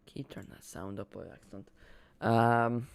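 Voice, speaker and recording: A man's voice: medium pitch, fairly even intonation, moderate pace, gravelly, clear, resonant tone, dry recording. Rambling Irish man on a watchalong stream. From Ireland. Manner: chatty, rambling, with frequent restarts. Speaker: streamer hosting a football watchalong. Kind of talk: casual live commentary.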